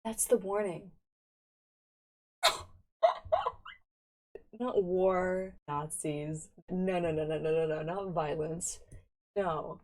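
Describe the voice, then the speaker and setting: A young woman giving excitable reaction commentary as a YouTuber, giddy and rambling, often squealing and laughing. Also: lowish voice, slow, pauses often. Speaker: YouTuber reacting to fan videos.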